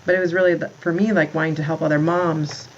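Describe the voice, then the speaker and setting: A podcast guest in her thirties, founder of a moms' community, speaks fast in a low-pitched, steady voice with the highs cut off. In casual interview talk she rambles about motherhood, saying "like" a lot and restarting often.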